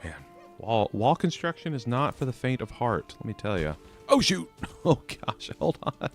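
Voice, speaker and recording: A man's voice: medium pitch, very animated, moderate pace, faint music behind. A young man chatting his way through a live game stream, laughing and mocking his own mistakes.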